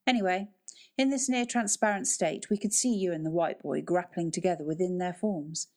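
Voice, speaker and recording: A woman's voice: fairly low pitch, moderate pace, close to an everyday voice. A woman voicing Moulton, an intense adult man who speaks with urgent emphasis, in an audiobook reading. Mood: explaining.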